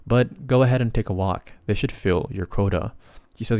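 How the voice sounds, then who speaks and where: A man's voice: on the low side, normal speed, a little mellow, no room sound. A man narrating a comic story recap in a casual, plain retelling style with bits of slang.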